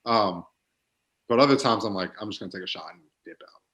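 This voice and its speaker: A man's voice: on the low side, a little fast, fairly bright tone. A young man in his twenties, a football player guest on a podcast, telling stories in a laid-back way with lots of fillers. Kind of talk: casual podcast chat.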